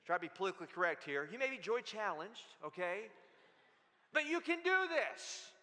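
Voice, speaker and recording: A man preaching to his congregation with a high, bright voice. He jokes and leads call-and-response lines with animated energy. The sound carries a long reverb from a church hall. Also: normal speed. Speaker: pastor. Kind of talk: sermon. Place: church sanctuary.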